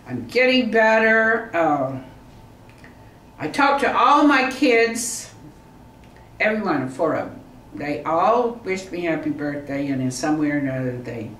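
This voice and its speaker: An older woman chatting casually about her family, rambling and halting with frequent laughs, recorded far from the mic in an echoey room. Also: low-pitched, fairly bright tone. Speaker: mother chatting with a companion. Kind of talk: casual chat. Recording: roomy echo, distant from the mic, faint noise.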